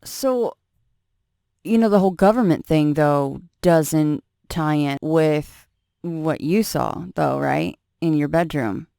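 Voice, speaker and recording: Host tossing follow-up questions, smooth clear voice, very dry sound. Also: medium pitch, slow, warm tone, dry recording. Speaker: radio show host. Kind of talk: interview questions.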